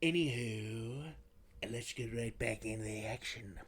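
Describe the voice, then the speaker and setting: A man's voice: mid-range voice, a little slow, breathy edge. Rambling, self-mocking young man podcaster. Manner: rambling, self-mocking, swears and laughs a lot. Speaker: podcast host. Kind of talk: casual rambling podcast chat.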